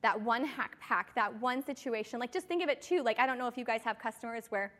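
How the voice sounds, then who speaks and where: A woman's voice: on the high side, fairly quick, fairly bright tone. Chatty woman in a reverberant hall. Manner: chatty, filler-heavy storytelling. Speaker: team leader speaking to her sales team. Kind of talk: motivational talk to a group.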